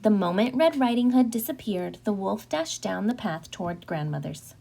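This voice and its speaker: A woman teacher narrating a children's storybook aloud with expressive, dramatic storytelling. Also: medium pitch, normal speed, vocal fry.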